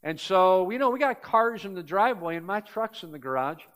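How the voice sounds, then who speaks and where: An older male pastor delivers a sermon in a high, light voice. He tells everyday stories in an easy way, then presses his points with growing emphasis. He is speaking to a church congregation. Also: animated, fairly quick, a bit bright. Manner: storytelling, building to emphatic points.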